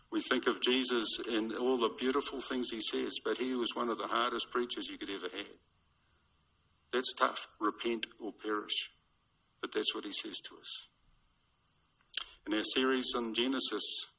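A man preaching a sermon in a measured, storytelling way. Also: lowish voice, creaky, sharp tone, husky, poor audio. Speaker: pastor.

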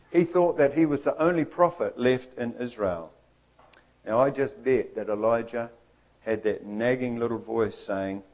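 A man's voice: mid-range voice, measured pace, darkish tone, poor audio. A man preaching a sermon in an earnest, emphatic way, acting out the figures he quotes.

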